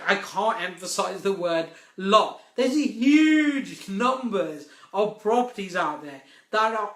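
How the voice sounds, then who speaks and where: A man's voice: sits high, a bit bright, echoey room. A man giving a live-stream coaching talk on property investment, emphatic and repeating his key points.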